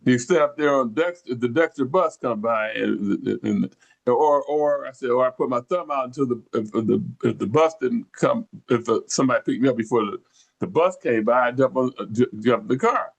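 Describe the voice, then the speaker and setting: An older man telling a long, wandering story to friends on a casual show. He keeps restarting his sentences as he goes, his voice sits at a middle pitch, and he stays relaxed and easygoing throughout. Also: normal speed, creaky. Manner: rambling storyteller, many restarts, acts out quoted voices. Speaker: podcast co-host.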